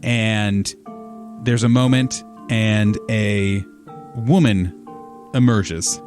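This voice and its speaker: A man running a tabletop game as game master, describing scenes in a relaxed, rambling way with frequent fillers. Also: on the low side, very slow, soft background music.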